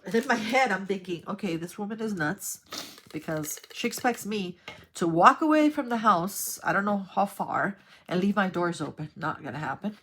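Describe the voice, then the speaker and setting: A woman's voice: mid-range voice, moderate pace. A woman vlogger telling a rambling story in a chatty way while she sorts her craft supplies. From New York. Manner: chatty, rambling, animated when retelling.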